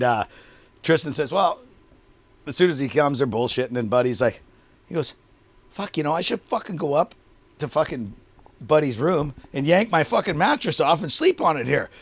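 A man telling a long, profane story on a podcast, acting out both sides of a shouting match and laughing often. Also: fairly high pitch, animated, moderate pace, no echo. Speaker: podcast co-host. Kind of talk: casual storytelling chat.

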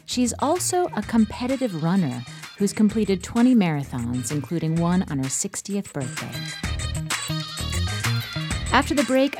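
A woman hosting a radio show, reading a measured, scripted link in the studio. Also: mid-range voice. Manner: measured, announcing. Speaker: radio host. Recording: studio voice-over with music underneath.

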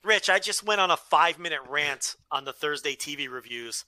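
A man co-hosting a casual wrestling review podcast, measured and agreeable with wry asides. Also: on the high side, expressive, sharp tone, no room sound. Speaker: podcast co-host.

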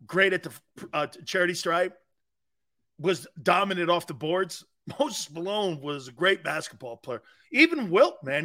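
A middle-aged man hosting a sports talk show, arguing his takes in an emphatic, opinionated way with little chuckles. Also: a little high. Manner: animated, emphatic, argumentative with chuckles.

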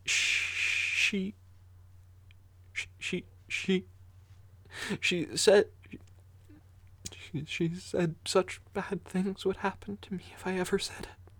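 A man's voice: high voice, level tone, slow pace, pauses often, bright, forceful tone, husky, dry recording, pitched above the performer's own voice, heavily acted. A man voicing a small, frightened, starving boy who whispers and stammers.

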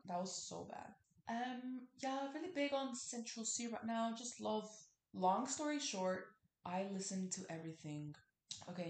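A woman's voice: mid-range voice, reverberant. A young woman hosting a casual solo podcast, rambling with lots of fillers and cursing freely. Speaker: podcast host.

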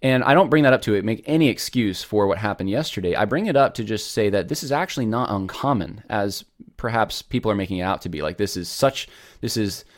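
Male host, casual commentary, earnest, restarts a lot, somewhat low pitch. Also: animated, fast talker. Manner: earnest, rambling, many restarts.

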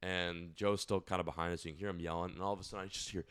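A man's voice: low-pitched, racing, smooth. A man telling a wild story on a casual podcast, swearing freely and acting out the lines of the people in it. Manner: animated, profane, acts out quotes with big voice jumps. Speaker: podcast host. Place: podcast studio.

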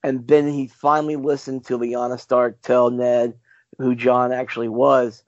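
A man hosting a casual podcast chat, animated and arguing his point with rhetorical questions. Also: medium pitch, unhurried, dry recording. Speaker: podcast host. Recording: dull lo-fi sound.

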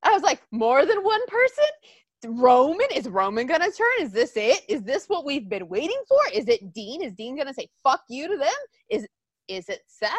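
A woman chatting casually as a podcast co-host, animated, swearing freely and acting out what others said. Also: high-pitched, moderate pace, dry recording. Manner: animated, swears a lot, acts out quotes. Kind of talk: casual wrestling chat.

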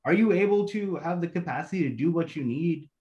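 A man's voice: a little high, brisk, darkish tone, dull audio. A young man from Bangladesh who grew up in the US, talking casually as a podcast guest. His speech is loose and slangy. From Bangladesh, raised in the US. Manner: laid-back slangy talk full of "like" and "bro". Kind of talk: casual conversation.

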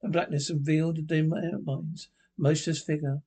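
Sex: man. Role: narrator. Style: ghost story read aloud. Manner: halting, restarts misread words. Pitch: a little high. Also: little pitch movement, warm tone, slightly rough.

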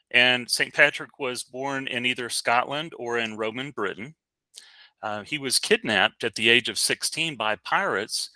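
Bright-voiced man hosting a podcast. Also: mid-range voice, dry recording. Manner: chatty and rambling, with many fillers and restarts. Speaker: podcast co-host. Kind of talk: casual podcast movie review.

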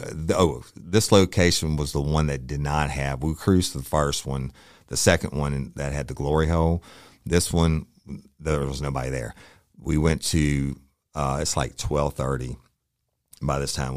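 A man's voice: rumbling low, fairly even intonation, normal speed, dry recording, clean studio sound. A man telling a police story in casual, rambling speech, profane and acting out what others said. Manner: profane, rambling, acts out quoted lines.

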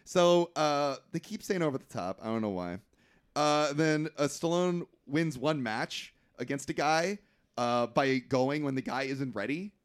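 A man's voice: a little high, measured pace, clean tone. A man co-hosting a podcast who recaps a movie in casual, profane chat and often laughs. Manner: profane, laughing, animated retelling. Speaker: podcast co-host.

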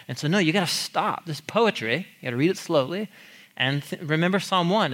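A man teaching a sermon on the Psalms in a conversational, animated way, stressing key points and laughing now and then. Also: on the high side.

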